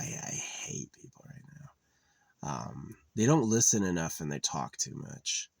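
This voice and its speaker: A low-pitched male vlogger rants profanely in a casual monologue, captured on a dry recording. Exasperated, he mocks the people he's arguing with in put-on voices.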